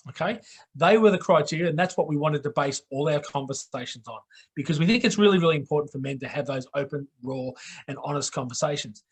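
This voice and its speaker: A man's voice: on the high side, quick pace, breathy edge. A middle-aged Australian man hosting a live online talk show in a blokey, down-to-earth way, often checking in with "okay?". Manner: blokey, repeats "okay?" for emphasis. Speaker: host.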